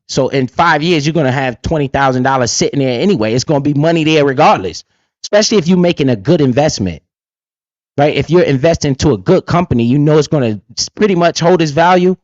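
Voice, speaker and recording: A man's voice: on the high side, expressive, fairly quick, dry recording. A man hosting a casual livestream, swaggering and profane, tossing in "right?" again and again. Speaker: livestream host. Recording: dull lo-fi dry sound.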